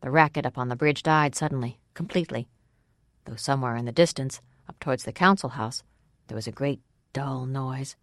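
An audiobook narrator reading a novel in first person with measured, even storytelling. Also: medium pitch, no echo, studio quality. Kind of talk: scripted narration.

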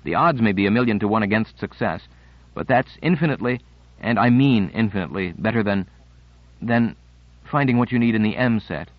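A man's voice: lowish voice, brisk, no echo, muffled recording, close to an everyday voice. A man reading the lines of a nervous but determined woman in an audiobook. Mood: earnest. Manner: nervous, earnest.

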